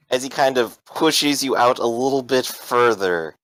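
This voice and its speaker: A man's voice: medium pitch, unhurried, a bit bright, no room sound, low-quality recording. A man running a tabletop role-playing game as game master, describing the action in a loose way with many fillers.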